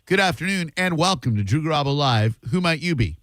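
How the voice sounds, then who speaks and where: A man's voice: fairly high pitch, animated, a little fast, a bit bright, no room sound. A man hosting a radio show in casual chat, running a movie-clip quiz with teasing, mock-formal banter. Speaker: radio host. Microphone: studio microphone.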